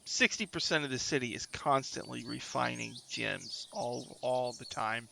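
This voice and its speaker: A man's voice: medium pitch, unhurried, creaky, sharp tone, a little hiss or hum. A man running a tabletop game as game master, narrating scenes in a laid-back way.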